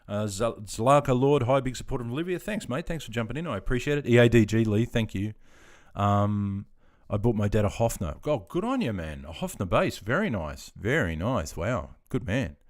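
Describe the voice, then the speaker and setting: A man's voice: mid-range voice, animated. Chatty Australian man in his fifties. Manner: chatty, reads out viewer comments, quick to laugh. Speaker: live streamer, army veteran. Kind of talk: casual live-stream chat.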